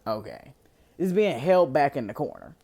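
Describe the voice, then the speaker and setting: A woman hosting a podcast, recapping a movie in a casual, slangy way, full of "like" and lively asides. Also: a bass voice, moderate pace, husky. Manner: animated, filler-heavy, slangy storytelling. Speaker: podcast host.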